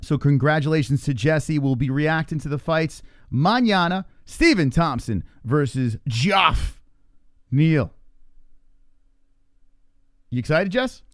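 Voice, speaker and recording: A man's voice: a little high, expressive, takes it slowly, pauses often, no room sound, studio quality. A man co-hosting a podcast, running a comedic advice-line bit in a mock-serious announcer style. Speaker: podcast co-host.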